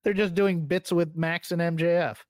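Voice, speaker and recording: A man's voice: on the high side, fairly even intonation, normal speed, no echo. Blunt man on a dry mic. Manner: blunt, dismissive opinions. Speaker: podcast co-host. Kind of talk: casual wrestling talk.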